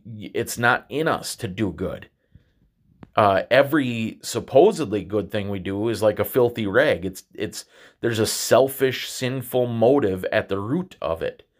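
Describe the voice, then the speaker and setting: A man hosting a podcast, talking through a reflective religious monologue in a halting way, often restarting and repeating words. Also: lowish voice. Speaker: podcast host.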